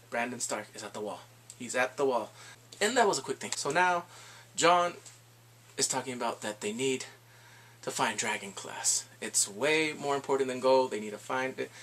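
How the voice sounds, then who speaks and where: A man giving an excited, casual recap of a TV episode, exclaiming and acting out his own reactions. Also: mid-range voice, a little hiss or hum. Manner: animated, exclaims and acts out reactions. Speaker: TV episode reviewer.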